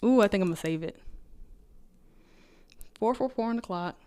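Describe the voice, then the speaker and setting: A woman vlogger chatting casually to camera, talking fast and rambling, laughing often, energized on caffeine. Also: medium pitch, lively intonation, mellow, clean tone.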